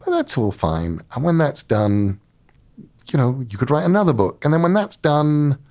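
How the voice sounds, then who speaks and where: A middle-aged man, an author being interviewed, telling stories in a lively way and acting out quotes. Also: a little high, moderate pace. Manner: lively storyteller, acts out quotes. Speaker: author guest. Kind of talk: casual interview talk.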